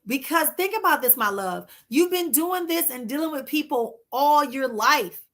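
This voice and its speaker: A woman hosting a casual spiritual livestream, talking warmly to her viewers and reassuring them with slow, repeated phrases. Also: high-pitched, expressive. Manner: warm, reassuring, addresses viewers as "my love" and "honey"; drawn-out soothing repetitions.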